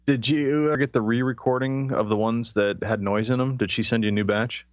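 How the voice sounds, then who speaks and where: A man's voice: medium pitch, steady tone, fairly quick, no echo. A man co-hosting a podcast in easygoing casual chat, laughing often. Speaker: podcast co-host. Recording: dull lo-fi sound.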